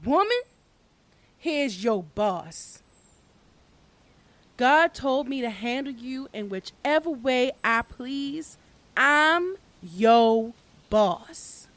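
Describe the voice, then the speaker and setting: A woman's voice: fairly high pitch, animated, drawn-out words, a bit bright, no room sound, heavily acted. A woman voicing a boastful man in a folktale who demands to be his wife's boss, in a folksy drawl.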